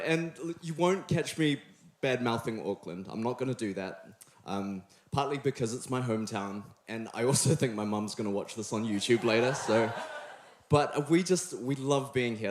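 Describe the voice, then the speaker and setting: A man's voice: medium pitch, a little hiss or hum. Young New Zealand man preaching, chatty and playful with the crowd, reverberant church hall. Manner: friendly, joking, chatty with the room. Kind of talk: sermon. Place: church hall before a live congregation.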